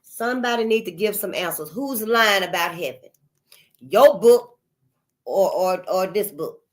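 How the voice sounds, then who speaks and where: A woman's voice: mid-range voice, moderate pace. An older woman hosting her channel in a casual, unscripted monologue, emphatic and repetitive, calling her listeners honey. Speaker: channel host.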